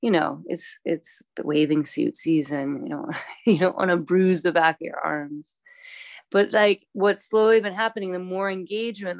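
A woman teaching a yoga class, calmly cueing poses and breaths with chatty asides. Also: lowish voice, creaky, no room sound. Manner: calm, instructive, chatty asides.

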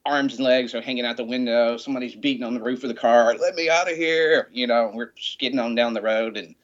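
A man's voice: medium pitch, fast talker. Male guest, 50s, from Alabama, mid voice, salty storyteller, slightly muffled recording. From Montgomery, Alabama, USA. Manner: rambling, animated anecdotes with frequent restarts and swearing. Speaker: guest, rock memorabilia retailer. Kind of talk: casual storytelling chat. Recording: dull, lo-fi sound.

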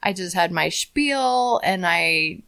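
A woman comedian on a casual podcast, telling candid stories with animated quoted asides. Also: lowish voice, slow pace, smooth. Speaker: comedian guest.

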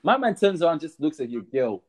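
A young man, telling a story in an animated, slang-heavy podcast chat. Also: a little high, a little fast, slight background noise. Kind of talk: casual chat.

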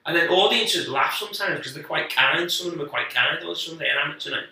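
A man's voice: on the high side, quick pace, gravelly, pushed and bright, distant mic. A man, a guest comedian telling rambling, sweary stories in casual chat with lots of restarts. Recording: very echoey, off-mic.

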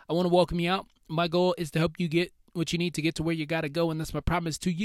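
Male podcast host in his thirties, laid-back slangy motivator, higher voice, dry booth. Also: level tone, quick pace, hardly any pauses, dry recording. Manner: casual slangy, calls listeners baby.

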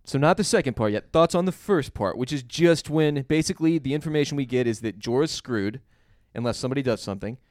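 A man's voice: mid-range voice, expressive, fast, few pauses, a little mellow, no room sound. A man co-hosting a podcast, chatting loosely about a TV episode with jokes and some swearing. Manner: loose, joking and profane. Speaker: podcast co-host. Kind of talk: casual chat recapping a TV episode.

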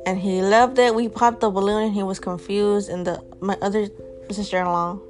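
A woman's voice: medium pitch, steady tone, normal speed, darkish tone, soft background music. A young adult woman telling a personal story to her viewers in a casual, rambling way, filling her talk with "like" and swearing bluntly. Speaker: vlogger.

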